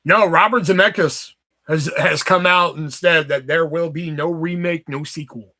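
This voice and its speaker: A man in his thirties hosting a casual livestream, rambling and swearing as he tells animated stories. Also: fairly high pitch, normal speed. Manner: rambling, profane, animated storytelling. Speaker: livestream host.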